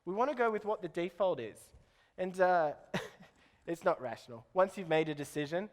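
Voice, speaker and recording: A man's voice: high-pitched, lively intonation, moderate pace, long reverb tail. A man giving a playful live talk to an audience, quizzing them as he goes. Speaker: keynote speaker.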